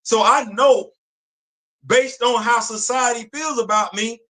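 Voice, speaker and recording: Male live-stream host, bright edgy tone, emphatic ranting commentary. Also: very high-pitched, unhurried. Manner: emphatic, repetitive, street slang and rhetorical questions. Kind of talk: impassioned commentary. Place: home studio on a live stream.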